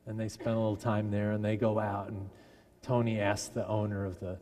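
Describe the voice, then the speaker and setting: A man preaching a sermon as a minister, telling a story with lively delivery and briefly acting out the people in it. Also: lowish voice, brisk. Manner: animated storyteller who acts out quoted voices. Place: large church sanctuary. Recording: long church reverb. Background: congregation laughing.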